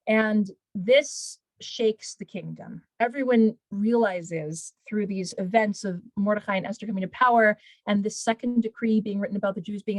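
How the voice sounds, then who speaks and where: A woman's voice: mid-range voice, no echo, low-quality recording. A woman, a rebbetzin, retelling a story in casual talk, full of fillers and acted-out quotes. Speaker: rebbetzin, Torah teacher.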